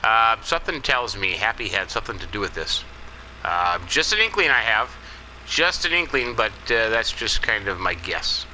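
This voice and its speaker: A man's voice: fairly low pitch, sing-song, moderate pace, bright, forceful tone, a little hiss or hum, poor audio. A man casually narrating his farming game in a folksy, rambling way, with chuckling asides. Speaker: let's play host.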